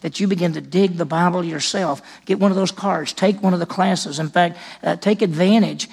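A man's voice: high-pitched, normal speed, vocal fry, breathy edge. A man preaching a sermon in church, retelling a scripture story and acting out its dialogue. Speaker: pastor.

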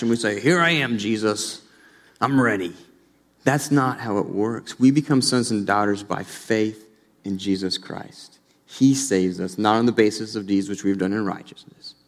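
Man, young adult, pastor, earnest sermon, mid-pitched voice, long hall reverb. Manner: earnest, rises animated when telling stories.

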